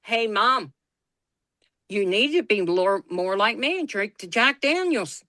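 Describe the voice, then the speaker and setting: Woman, casual storytelling, bright voice, dry close sound, acts out voices. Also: medium pitch, slow, no room sound. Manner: animated, acts out quoted voices, swears freely. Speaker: guest storyteller.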